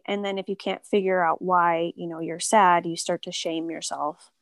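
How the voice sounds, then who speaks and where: A woman who practices Reiki talks casually and softly in an interview, with many filler words. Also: fairly low pitch, fairly even intonation, moderate pace, no room sound. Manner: soft-spoken, lots of filler words. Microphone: remote call.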